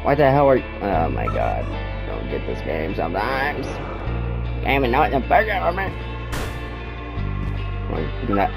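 A man's voice: lowish voice, wildly swooping pitch, normal speed, gravelly, long pauses. A young man gaming in his bedroom, ranting in frustration and swearing constantly as he plays. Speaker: gamer. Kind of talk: let's play commentary. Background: game music.

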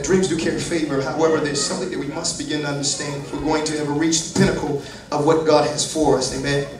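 A man preaches live in a large church hall, his fairly high voice ringing with echo and picked up from some distance. He jokes with the congregation, then rises into shouted praise, with the crowd loud behind him. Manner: swings from quiet asides to shouted praise; folksy and joking with the congregation. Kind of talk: live church sermon with call and response. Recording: echoey hall, crowd, from off-mic. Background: congregation responding.

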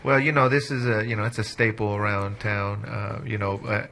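A man's voice: lowish voice, flat delivery, normal speed, gravelly, pushed and bright, a little hiss or hum. A man from the East Coast of the US hosting a casual radio talk show, joking, laughing often and rambling with plenty of fillers.

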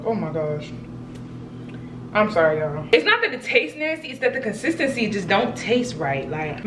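A woman's voice: medium pitch, noisy background. Sassy, chatty young woman vlogger. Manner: sassy, chatty, addresses viewers as y'all and boo. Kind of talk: casual food-challenge vlog.

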